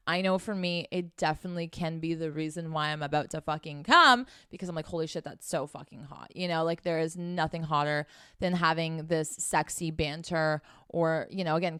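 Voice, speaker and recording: A woman's voice: low-pitched, fairly bright tone, clear, resonant tone, dry recording, clean studio sound. Frank, profane woman giving dating advice. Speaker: dating and sex coach. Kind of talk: casual advice vlog.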